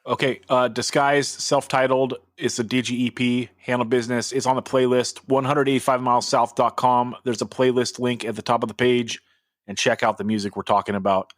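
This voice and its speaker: A man co-hosts a music podcast in a loose, rambling way. He swears casually and leans on fillers like "like" and "you know". His voice sits at an ordinary pitch and sounds dry and close, with no room around it. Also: little pitch movement, brisk, dry recording. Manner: loose and profane, heavy on filler words. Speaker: podcast co-host. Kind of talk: casual chat.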